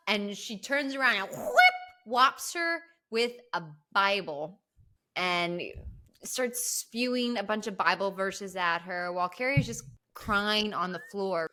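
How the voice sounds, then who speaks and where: A woman casually recapping a horror film, chatty and animated, swearing now and then. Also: mid-range voice, slow pace. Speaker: podcast host. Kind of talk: casual movie recap chat.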